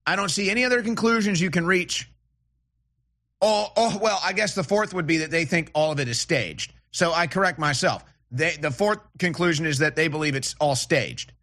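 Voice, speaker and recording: A man's voice: on the high side, moderate pace, fairly bright tone. A man hosting a political call-in radio show, ranting with repeated rhetorical questions and restarts. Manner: agitated, repetitive, rising to indignant rhetorical questions. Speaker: radio talk show host.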